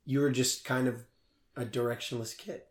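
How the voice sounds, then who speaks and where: A man's voice: mid-range voice, steady tone, moderate pace. A man interviewing a guest in a casual chat, asking dry, probing questions. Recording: roomy echo.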